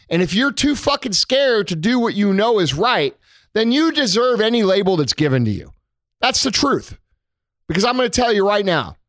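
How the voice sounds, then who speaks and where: A man's voice: high voice, a bit bright, dry recording, studio quality. Fired-up, profane man ranting. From United States. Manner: profane, emphatic, preachy. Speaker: podcast co-host. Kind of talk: heated podcast rant.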